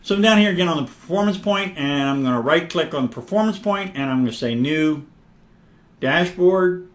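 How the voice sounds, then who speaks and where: A man narrates a screen-recorded software tutorial in a relaxed, conversational way. His voice sits a little higher than most men's. He talks through each click as he goes and often pauses to clear his throat. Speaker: software instructor.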